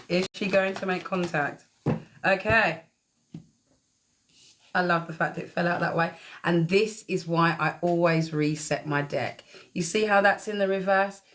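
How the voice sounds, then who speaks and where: A woman reading tarot on a live stream, chatting casually, greeting viewers warmly and calling them pet names. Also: lowish voice. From England. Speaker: tarot reader.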